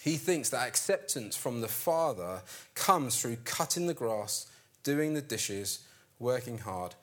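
A man preaching a sermon in an animated storytelling way, acting out the characters' lines. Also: mid-range voice, takes it slowly.

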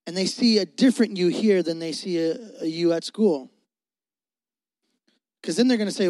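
A young man preaching a sermon to a youth congregation, animated and emphatic, repeating phrases for stress. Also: high voice, moderate pace, pauses often, no room sound. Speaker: youth pastor.

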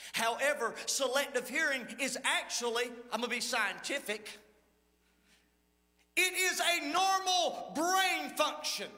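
A man, the lead pastor, preaching a sermon and telling stories, swinging between loud calls and hushed asides. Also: very high-pitched, in a large hall. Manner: playful storytelling, acting out the people in his stories.

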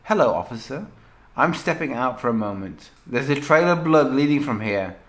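A man voicing a wounded man who speaks from inside a police box in a text adventure, read out in a plain, calm tone. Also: medium pitch, moderate pace, lightly acted. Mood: startled.

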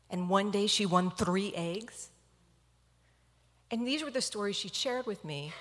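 A woman's voice: medium pitch, a bit bright, in a large hall. A woman physician telling a personal story in an earnest, reflective talk.

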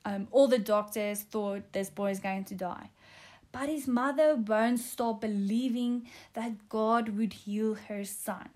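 Slow-talking earnest woman giving testimony. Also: medium pitch, fairly even intonation, darkish tone. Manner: earnest, with frequent um fillers. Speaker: speaker sharing a testimony. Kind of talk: devotional testimony talk.

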